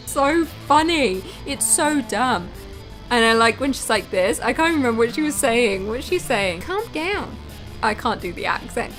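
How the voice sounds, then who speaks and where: A woman's voice: a little high, a bit bright. A woman hosting a reaction video, commenting casually on clips in an amused, blunt, chatty way.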